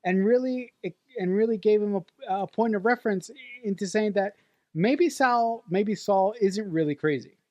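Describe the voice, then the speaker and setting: A woman co-hosting a casual film-review podcast, talking excitedly and swearing freely. She often stumbles and restarts her sentences. Her voice is mid-pitched and recorded dry, with no room sound. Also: moderate pace, dry recording, lo-fi sound. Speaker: podcast co-host.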